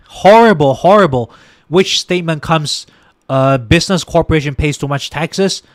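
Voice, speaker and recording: A man's voice: a little high, a bit bright, dry recording, studio quality. A young man giving casual political commentary on a podcast, exasperated and ranting at his listeners, with many restarts and fillers.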